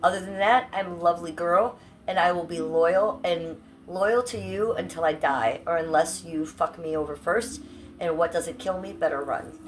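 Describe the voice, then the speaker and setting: A woman's voice: fairly low pitch, normal speed, a little hiss or hum. A middle-aged woman from Ohio chatting casually on a live stream, blunt and profane, reading out and answering her chat. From Cleveland, Ohio, USA.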